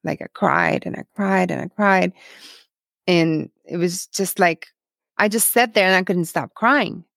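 A woman's voice: on the low side, measured pace, gravelly, a bit bright, no echo, clean studio sound. A woman from Ukraine, a guest in an interview, telling her faith story in an earnest, emotional way with many repetitions. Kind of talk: personal testimony in a podcast interview.

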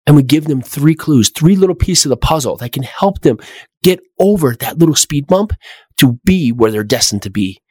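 A middle-aged man hosting a motivational podcast, speaking with energetic, repetitive emphasis and rhetorical questions. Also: on the high side, normal speed, breathy edge, no echo, clean studio sound. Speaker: podcast host.

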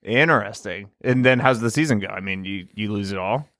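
Podcast co-host, man, mid pitch, relaxed delivery, dry close mic. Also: brisk, no room sound. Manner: easygoing, laughs along, pitches prompts. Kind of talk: improvised comedy riffing.

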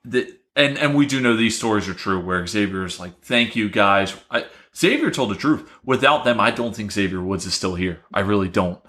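A man co-hosting a casual wrestling chat show, easygoing and quick to laugh. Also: lowish voice, animated, fairly bright tone. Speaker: wrestling podcast co-host.

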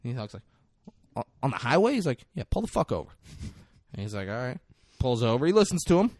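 A man's voice: mid-range voice, fast talker, no echo, clean studio sound. A man casually recapping a film with a co-host, acting out the characters' lines and swearing freely. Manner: animated, acts out movie lines with big vocal swings and swearing. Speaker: podcast co-host. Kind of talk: casual movie recap chat.

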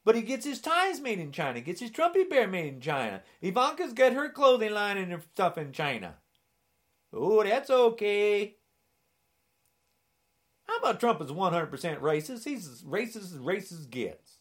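A man's voice: high-pitched, sing-song, fairly quick, a bit bright. A man delivering an angry political rant, sarcastic and indignant, often mocking.

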